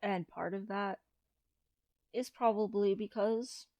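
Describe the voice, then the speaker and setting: A trans man in his thirties, talking through a personal confessional vlog in a low-key, hesitant way with frequent restarts. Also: fairly even intonation, takes it slowly, a little mellow, no room sound. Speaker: vlogger.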